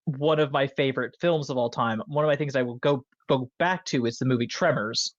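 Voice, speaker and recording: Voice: mid-range voice, brisk, no room sound. Enthusiastic rambling podcast host, dull dry audio. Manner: enthusiastic, rambling with many fillers. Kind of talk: casual film discussion.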